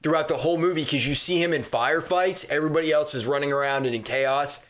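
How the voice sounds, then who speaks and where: A man's voice: on the high side, quick pace, a bit bright. A man co-hosting a casual film discussion in a laid-back, agreeable way. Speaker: podcast co-host.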